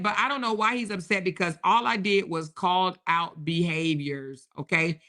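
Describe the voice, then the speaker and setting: A woman hosting a live stream, commenting sassily and reading chat messages while calling viewers "baby" and "honey," with frequent laughter. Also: on the low side. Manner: sassy, animated, peppered with endearments; laughs often between remarks. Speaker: host.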